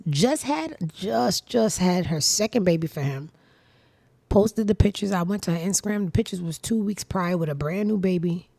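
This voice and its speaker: A woman's voice: sits low, mellow, no room sound. A woman hosting her own show, giving casual gossip commentary in a blunt, sassy, profane way. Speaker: show host.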